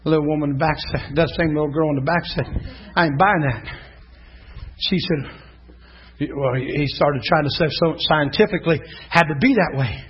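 A middle-aged male pastor preaching an animated sermon, telling stories with shouts and laughter. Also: a little high, brisk, husky. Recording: dull lo-fi sound, faint congregation.

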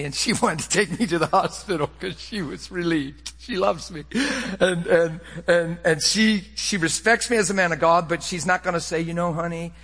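A middle-aged man preaching a personal testimony, swinging between hushed, quiet passages and excited, impassioned bursts. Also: a little high, long reverb tail. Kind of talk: sermon testimony.

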